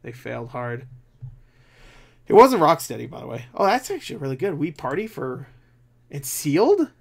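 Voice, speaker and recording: A tired young man with a slightly high, gravelly voice mutters and curses his way through casual commentary. He grumbles in a frustrated, self-mocking way and sounds worn out. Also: huge pitch swings, moderate pace. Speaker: gaming channel host. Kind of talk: casual commentary while browsing online.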